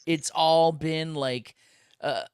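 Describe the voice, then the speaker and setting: A man's voice: a little high, steady tone, takes it slowly, smooth, no echo, clean studio sound. A man hosting a casual podcast conversation who laughs often and riffs on what the guest says. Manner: laughing often, agreeing and riffing. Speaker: podcast host.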